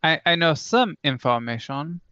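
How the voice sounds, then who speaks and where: A man voicing a smooth, sinister male tower patron who sips wine, speaking with a halting put-on accent. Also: mid-range voice, fairly even intonation, fairly bright tone, no echo, dull audio. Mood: smug.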